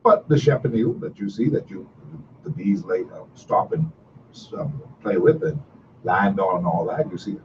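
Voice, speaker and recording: A man's voice: low-pitched, very animated, moderate pace, distant mic, muffled recording, background noise. A middle-aged man, hosting a casual call-in radio talk show with a folksy, repetitive, storytelling manner.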